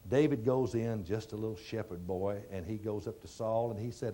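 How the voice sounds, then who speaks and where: A man giving a motivational speech, telling stories in a folksy, dramatic way that swings between quiet and emphatic. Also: fairly low pitch, normal speed, few pauses. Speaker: motivational speaker.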